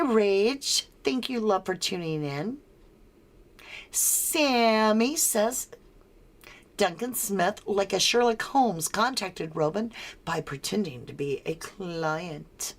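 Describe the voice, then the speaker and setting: Woman, American accent, livestream host, slow easygoing delivery, reads and answers chat, chuckles often. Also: mid-range voice. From United States. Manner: reads viewer comments aloud and answers them, chuckling often. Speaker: true crime livestream host.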